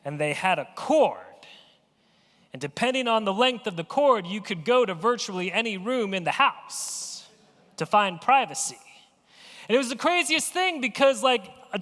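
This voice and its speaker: A man's voice: very high-pitched, lively intonation, normal speed, pushed and bright, long reverb tail. A male pastor preaching a sermon in a conversational storytelling way, playfully acting out everyday phone calls. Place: church sanctuary.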